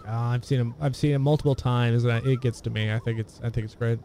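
A man chatting casually about old films, meandering and halting, often restarting his sentences. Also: medium pitch, flat delivery, warm tone, a little hiss or hum. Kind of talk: casual film discussion.

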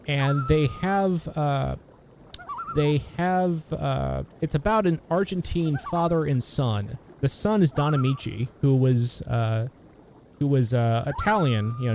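A man chatting casually about old films, meandering and halting, often restarting his sentences. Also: medium pitch, darkish tone, a little hiss or hum. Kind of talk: casual film discussion.

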